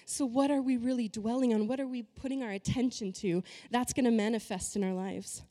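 A woman's voice: a little high, steady tone, a little fast, mellow. Woman preaching in a reverberant hall. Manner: conversational, emphatic preaching with rhetorical questions. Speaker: pastor. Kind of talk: sermon.

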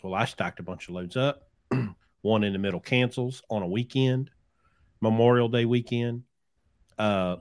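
A man's voice: on the low side, a bit bright. A man hosting a podcast, telling stories in a casual chat and acting out the people he quotes. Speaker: podcast host, trucking business owner.

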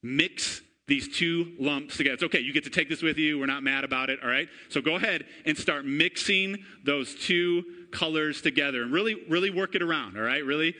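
Man, pastor, sermon to a congregation, bright voice, upbeat, calls for amens. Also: fairly high pitch, a little fast, hardly any pauses. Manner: energetic, keeps asking the congregation for amens. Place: church before a congregation.

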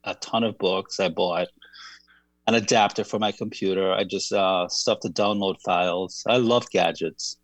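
A man co-hosting a radio talk show, chatting in a thoughtful, self-deprecating way with many halting restarts. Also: sits low, steady tone, no echo, low-quality recording. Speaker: radio show co-host and writer. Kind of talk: casual chat.

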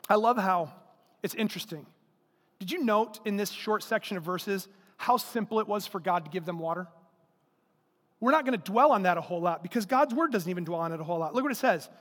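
A man's voice: sits high, normal speed, fairly bright tone. A male pastor preaching a sermon in a conversational, emphatic way, full of rhetorical questions and repetition. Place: church service in a large hall. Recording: long hall reverb.

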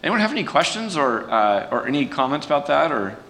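A man preaching in a relaxed, conversational way, folksy and self-deprecating, with restarts and fillers. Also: fairly quick. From California. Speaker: pastor. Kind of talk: conversational sermon talk. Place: church sanctuary. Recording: distant mic with long hall reverb and faint rumble.

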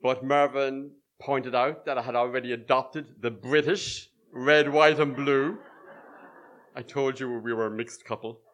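Man, middle-aged, live storytelling, wry dry humour, stage mic, medium pitch. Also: steady tone, unhurried, fairly bright tone. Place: small live venue with audience.

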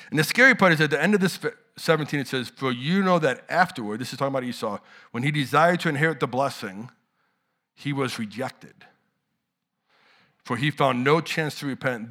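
A middle-aged man preaching a sermon to his church in a conversational way, dropping to hushed lows and rising to loud outbursts. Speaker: pastor.

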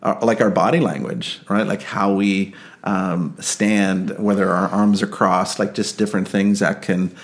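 A man's voice: deep voice, fairly even intonation, a little slow. A man hosting a casual parenting discussion, hesitant, with many fillers and "right?" tag questions. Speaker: podcast host.

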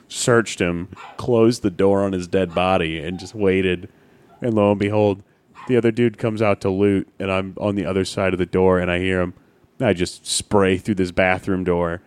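Podcast co-host, male, low-pitched, swears, tells stories with gusto. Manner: storytelling, animated, swears. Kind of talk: casual chat.

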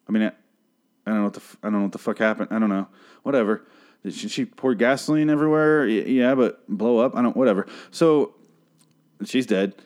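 A man's voice: on the low side, brisk, a little mellow. A man casually recapping a TV episode, rambling and sarcastic, swearing often. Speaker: show recap host.

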